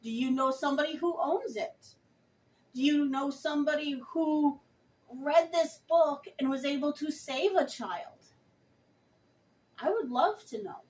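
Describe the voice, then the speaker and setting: A woman's voice: high-pitched, unhurried, darkish tone, distant mic, poor audio. A woman vlogger speaking passionately and emphatically, addressing her viewers directly. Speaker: vlogger reviewing a book. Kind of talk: earnest direct-to-camera talk.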